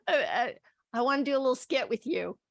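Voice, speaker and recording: A woman from El Paso with a light Texan accent, hosting a casual interview and talking enthusiastically with some halting restarts. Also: sits high, gravelly, dry recording, studio quality. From El Paso, Texas. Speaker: podcast host.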